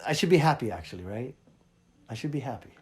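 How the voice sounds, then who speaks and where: A man hosting a podcast, telling a funny story in a casual, animated way and acting out both sides of a conversation. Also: mid-range voice, fast. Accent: Hawaiian. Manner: animated, jumps between loud and quiet, acts out dialogue. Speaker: podcast host.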